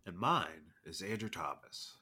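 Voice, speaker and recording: A man's voice: low voice, lively intonation, unhurried, sharp tone, husky. A man co-hosting a movie podcast, chatting casually in a giggly, playful way. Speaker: podcast co-host. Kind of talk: casual chat.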